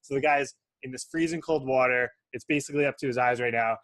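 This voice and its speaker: A young man hosts an interview with lively, energetic delivery. His voice sits in a middle pitch and sounds dry and close, with no room around it. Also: fast, dry recording. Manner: energetic, animated storyteller. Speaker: host. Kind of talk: interview with storytelling.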